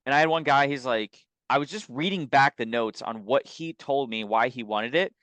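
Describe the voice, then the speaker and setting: A man's voice: medium pitch, moderate pace, no echo. A man co-hosting an insurance sales podcast, talking casually and animatedly, mimicking what clients say. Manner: animated, quotes clients in put-on voices.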